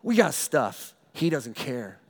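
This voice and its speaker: A middle-aged man, a pastor, telling a funny personal story in a sermon, animated and self-mocking, often repeating his words. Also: mid-range voice, takes it slowly.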